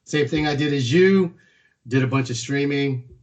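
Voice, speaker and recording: A man co-hosting a casual podcast chat, relaxed and slangy, with bursts of enthusiasm. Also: medium pitch, normal speed. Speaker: podcast co-host.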